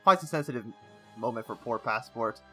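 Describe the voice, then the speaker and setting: Bright-voiced man reading a game aloud. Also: mid-range voice, lively intonation, brisk, soft background music. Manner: reads the story text with stumbles, breaking off into casual asides. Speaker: gaming channel host. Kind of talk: let's play, reading game text aloud.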